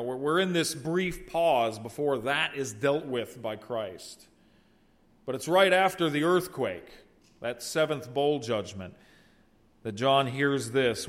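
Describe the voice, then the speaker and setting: A pastor with a medium-pitched voice preaches an expository sermon and reads scripture aloud. He is earnest, swelling loud on exclamations and softening as each line ends.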